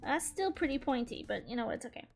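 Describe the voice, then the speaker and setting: A woman streamer chatting casually while she draws, gushing like an excited fan, laughing often and swearing freely. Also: sits high, fast, vocal fry, faint music behind. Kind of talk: casual chat while drawing.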